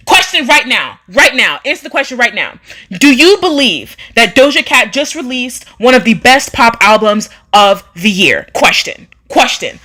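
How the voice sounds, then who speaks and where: A woman chats casually on a live stream and reads out viewer comments. Her high voice swings up and down with lively, emphatic delivery. She often repeats phrases to drive a point home. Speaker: livestream host.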